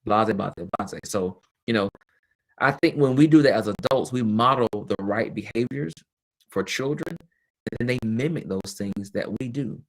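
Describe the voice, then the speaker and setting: Casting note: man, middle-aged, low-pitched, candid webcast host with chatty asides. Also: moderate pace. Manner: candid, lively, laughs often, chatty asides. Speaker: host and former teacher. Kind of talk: casual webcast talk.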